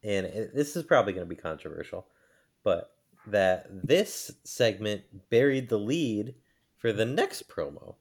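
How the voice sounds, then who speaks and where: A man co-hosting a podcast who makes wry, deadpan jokes. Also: fairly low pitch, measured pace. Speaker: podcast co-host. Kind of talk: casual wrestling chat.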